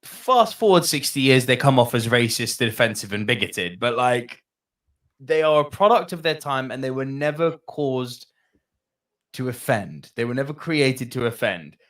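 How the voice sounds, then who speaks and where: A man with a mid-pitched voice co-hosts a podcast in relaxed conversation. His pitch moves around a lot as he talks, and he rambles, restarts his sentences and drops in casual swearing. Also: moderate pace. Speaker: podcast co-host. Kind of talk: casual chat.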